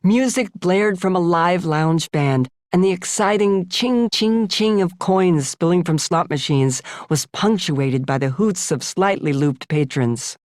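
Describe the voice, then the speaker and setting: Brief: older American woman, lowish voice, wry memoir narration, dry close studio mic. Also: a little mellow, no room sound. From United States. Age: 70s. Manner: wry, conversational storytelling. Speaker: author narrating her memoir.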